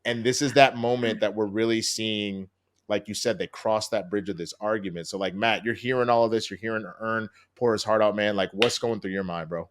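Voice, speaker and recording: A man hosting a casual TV review podcast, retelling scenes in an animated way and quoting the dialogue. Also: on the low side, fairly quick, clean tone.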